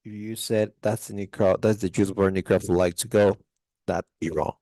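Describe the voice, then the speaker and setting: A man teaching English grammar online, explaining in a relaxed way with many fillers. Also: on the low side, moderate pace, no echo, poor audio. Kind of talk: online test-prep tutoring.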